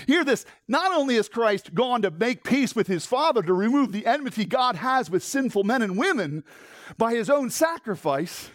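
A male pastor preaches with a high, lively voice that swoops up and down. He restarts his phrases and repeats words, and he puts questions straight to his listeners. The recording is close and dry, with no room sound. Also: normal speed, dry recording. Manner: rhetorical questions to the congregation. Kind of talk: sermon.

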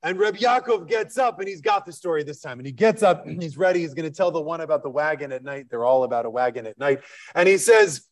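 A man who is a rabbi, telling a story in a sermon in an animated way with fillers. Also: a little high, fast. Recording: distant mic.

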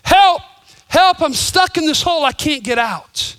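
A man voicing a desperate young boy stuck in a hole, shouting for help. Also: very high voice, a little fast, no room sound, clean studio sound, voice pushed up.

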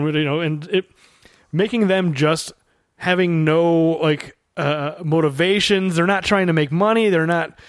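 A man casually discussing a movie, animated and sarcastic, often laughing and restarting as he mocks an actor with impressions. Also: a little high, measured pace, no room sound, studio quality. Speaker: podcast co-host.

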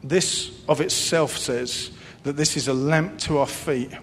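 A man preaching a sermon in an earnest way, repeating phrases and swinging between loud emphasis and hushed, soft passages. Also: a little slow. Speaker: pastor. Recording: long hall reverb with faint low rumble.

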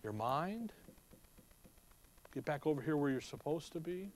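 Unhurried and animated, this slightly high male voice with a darkish tone belongs to a preacher bearing a faint Chicago accent. He reads scripture aloud in a sermon and asks his listeners rhetorical questions in a conversational style.

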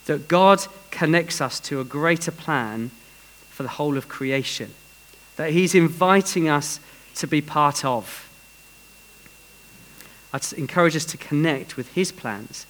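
Guy preaching, earnest, voice on the higher side. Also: fairly bright tone, poor audio. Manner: earnest, with some restarts. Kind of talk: sermon with storytelling.

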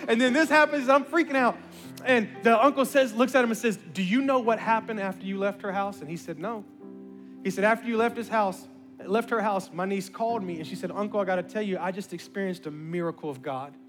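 A man pastor telling a story in a sermon, acting out the voices of the people in it. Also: high voice. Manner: animated, acts out quoted voices.

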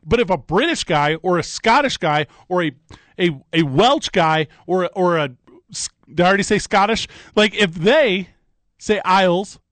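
A man's voice: high voice, no echo. A man co-hosting a studio talk show, joking and bantering with his partner. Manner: animated, joking, quick asides. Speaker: co-host. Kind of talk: casual radio show banter. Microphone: studio mic.

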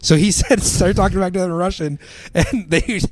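A man's voice: high voice, brisk, darkish tone, slight background noise. A man co-hosting a podcast in casual chat, rambling with many fillers and laughing often. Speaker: podcast co-host.

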